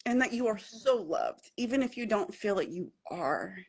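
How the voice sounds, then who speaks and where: Woman podcast guest, mid-pitch, earnest chatty storyteller who repeats lines for emphasis. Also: sing-song, moderate pace, gravelly, husky. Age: adult with children at home. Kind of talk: casual personal storytelling.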